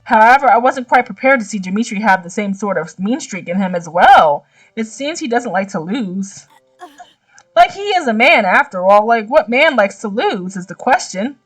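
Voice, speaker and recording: A young woman gaming YouTuber reading a visual novel aloud, breaking off with slangy, animated reactions. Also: a little high, moderate pace, far from the mic.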